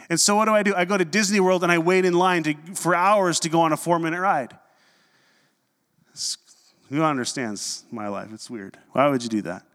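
A male pastor delivers a sermon with lively, conversational energy and a touch of humor. His voice sits a little higher than most men's. A long reverb trails after his words, as in a large hall. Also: clean tone. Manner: conversational, animated preaching with humorous asides.

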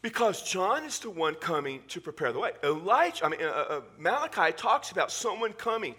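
A male pastor with a Southern Texas accent preaching a sermon in church, animated and full of joking asides. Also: high voice, fairly quick, breathy edge.

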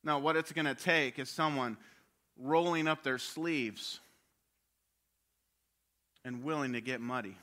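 A man preaching a sermon with passion, swinging from loud urging to hushed quiet. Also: mid-range voice, measured pace, pauses often.

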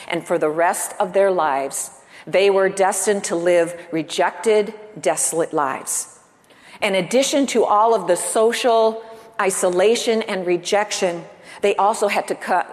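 A woman pastor preaches with earnest emphasis, her voice sitting at an ordinary middle pitch. She poses rhetorical questions to her listeners, and her words ring out with a long reverb in a church hall. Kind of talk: sermon.

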